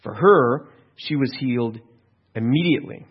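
Here a male pastor preaches with a medium-pitched, slightly rough voice at a normal speed. He tells stories conversationally and throws rhetorical questions at his listeners, and the recording sounds dull and lo-fi.

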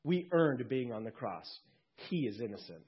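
A pastor acting out a repentant male criminal on a cross, speaking slowly and solemnly. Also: medium pitch, sing-song, dull audio, close to an everyday voice. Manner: slow, solemn.

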